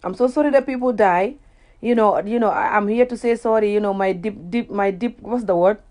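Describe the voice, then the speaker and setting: A woman imitating a pompous male president who gives hollow, halting official apologies. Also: high voice, a little mellow, lightly acted. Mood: mock-solemn. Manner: mock-formal, halting.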